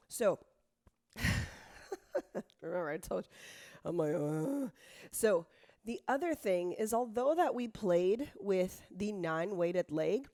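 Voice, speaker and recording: A woman in her thirties teaching an online dance lesson, hoarse from being sick and tired, counting beats and calling out moves while she dances. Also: medium pitch, mellow. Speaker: dance instructor.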